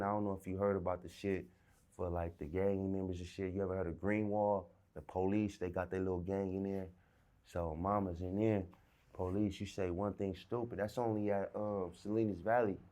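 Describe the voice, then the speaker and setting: A man from South Central Los tells a story in a fairly low voice. He talks with swagger and heavy profanity, and he acts out both sides of each argument. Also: warm tone. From South Central Los Angeles. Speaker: interviewee. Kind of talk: recounting a street story.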